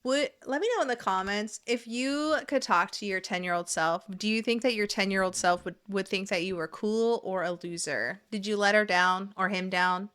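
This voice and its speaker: A woman hosts a casual reaction commentary, blunt and sarcastic as she picks clips apart. Her voice sits at an ordinary middle pitch with a bright, sharp edge. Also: moderate pace, few pauses, clear, resonant tone. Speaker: reaction video host.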